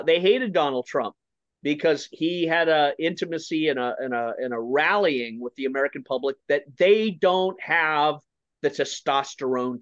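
Male pundit, fiery and repetitive, slightly higher voice, dry muffled remote audio. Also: no echo. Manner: forceful, repeats words, drops to low then rises. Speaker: political commentator guest. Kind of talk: opinionated political talk.

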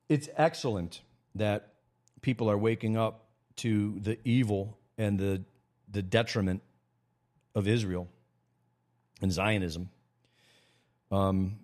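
Rambling American man hosting a livestream. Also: a little mellow. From United States. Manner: rambling, with many restarts and sudden pitch jumps. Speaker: host. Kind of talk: casual livestream monologue.

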